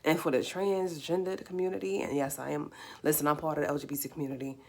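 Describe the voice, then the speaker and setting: A woman with a New York accent and a slightly raspy voice, hosting a live stream and talking emphatically, firing off rhetorical questions. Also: low-pitched, fairly even intonation, quick pace, darkish tone. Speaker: livestream host. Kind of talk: casual live commentary.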